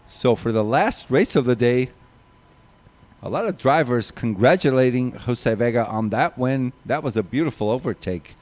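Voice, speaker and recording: In mid-range tones and at a moderate pace, this live race commentator reads through long lists of drivers and turns excitable, bursting out whenever there's a big move.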